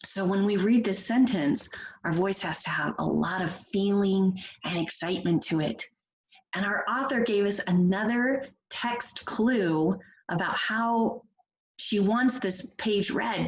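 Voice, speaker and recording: A first-grade teacher leads a read-aloud of a picture book, encouraging the children with questions and expressive reading. Her medium-pitched voice is a little slow, and the poor audio carries slight background noise.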